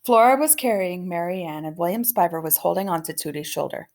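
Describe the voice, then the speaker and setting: A woman reading a children's novel aloud in a gentle, measured storytelling manner. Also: fairly low pitch.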